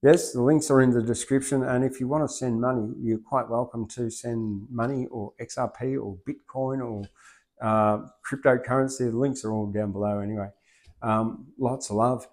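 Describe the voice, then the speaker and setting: An Australian man hosting a poetry open mic, who chats loosely with many fillers and then reads rhyming verse loudly and rhythmically. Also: mid-range voice, steady tone, moderate pace. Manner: loose and rambling, with many fillers, swinging into loud rhythmic recitation. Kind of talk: reciting rhyming poetry and rambling chat.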